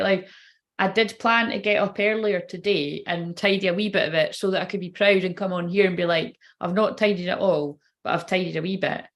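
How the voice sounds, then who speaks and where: A woman's voice: medium pitch, fairly bright tone. A young woman, a tarot card reader, chatting casually and rambling to her viewers, laughing often and swearing freely.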